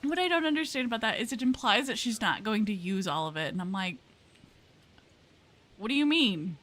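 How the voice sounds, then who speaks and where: A young woman streaming live, chatting casually with viewers, bubbly and talkative with loud exclamations. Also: medium pitch, quick pace. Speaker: VTuber streamer.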